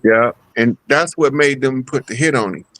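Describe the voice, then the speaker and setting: A man's voice: medium pitch, normal speed, a bit bright, dry recording, poor audio. A man appearing as a guest on a talk show, speaking in a loose, rambling, conversational way. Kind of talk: casual talk show chat.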